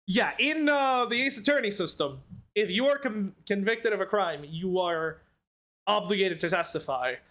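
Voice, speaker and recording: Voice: medium pitch, lively intonation, moderate pace, a bit bright. A let's-play commentator rambling through joking asides about a courtroom game. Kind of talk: casual gameplay commentary.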